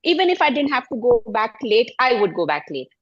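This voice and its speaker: Husky Indian woman in panel talk. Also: on the high side, sing-song, no room sound, lo-fi sound. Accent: Indian English. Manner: halting, frequent restarts, emphatic. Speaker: panel speaker. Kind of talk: panel discussion, personal story.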